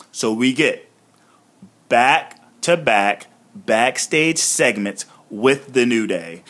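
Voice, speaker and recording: Animated, excitable man ranting casually. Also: medium pitch. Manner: profane, excitable, swings between mumbling and loud outbursts; laughs often while retelling scenes. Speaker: podcast host reviewing wrestling shows. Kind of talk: casual solo review podcast.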